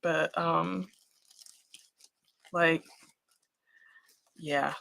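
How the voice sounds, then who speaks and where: A woman's voice: low-pitched, steady tone, very slow, gravelly, fairly bright tone, dry recording, studio quality. A woman from West Virginia with an Appalachian accent, a craft host chatting casually and folksily while she works, laughing often.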